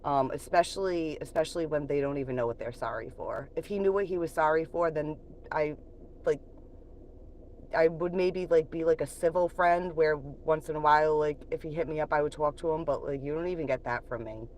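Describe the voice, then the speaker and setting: Speaking fairly quickly in a low, darkish voice, this livestream host rants about her ex with blunt profanity and frequent laughter. When the subject shifts to moving on, she grows reflective. There's a bit of background noise.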